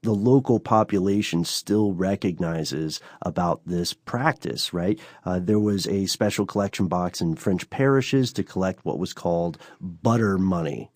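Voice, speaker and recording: A man with a fairly low voice co-hosts a podcast in loose, casual chat. He keeps checking in with his listener as he talks. The sound is dry and close, with no room around it. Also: measured pace, hardly any pauses, a little mellow, no room sound. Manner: conversational, leans on "you know" and "right?". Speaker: podcast co-host.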